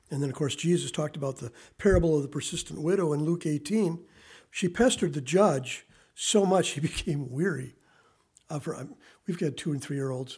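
A man in his thirties preaching a sermon, swinging from loud emphasis to quiet, hushed asides. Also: a little high, breathy edge. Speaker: pastor.

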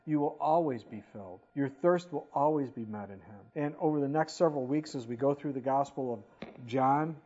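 A man's voice: mid-range voice, moderate pace, dark tone, breathy edge, muffled recording. A man preaching a sermon as a pastor, reading scripture aloud and then explaining it in casual, conversational asides.

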